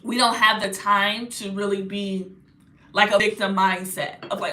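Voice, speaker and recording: Bright, blunt, slangy woman spiritual healer. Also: mid-range voice, a little slow. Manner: blunt, slangy and emphatic, with frequent check-ins to the viewer. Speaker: spiritual healer and astrology reader. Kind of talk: casual motivational talk to camera.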